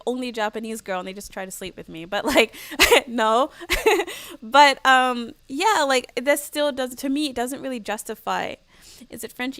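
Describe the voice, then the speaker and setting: A woman's voice: high-pitched, a bit bright, clear, resonant tone, no room sound. A young woman from the United States chatting casually on her livestream, laughing often and acting out the lines of people she quotes. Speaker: livestream host.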